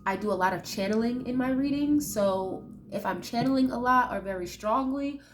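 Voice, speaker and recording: A woman's voice: on the high side, moderate pace, slight background noise. Chatty woman with a nasal voice. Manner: chatty, loose, full of fillers and asides. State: nasal from allergies. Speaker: tarot reader. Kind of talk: casual tarot reading.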